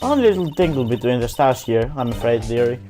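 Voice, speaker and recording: A let's player voicing a nosy, cranky old woman security guard who scolds and gossips in a shrill voice. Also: very animated, quick pace, dark tone, soft background music, close to an everyday voice. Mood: gossipy. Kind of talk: let's play voice acting.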